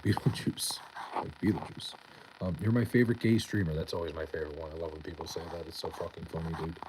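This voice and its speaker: A young man casually reading out and answering chat on a live stream, laid-back and profane with a deadpan tone. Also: sits low, noisy background.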